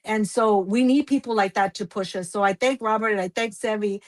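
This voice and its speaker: A woman's voice: medium pitch, brisk. A woman singer from Texas, talking in a casual radio interview in an effusive, emotional, self-deprecating way. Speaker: guest singer.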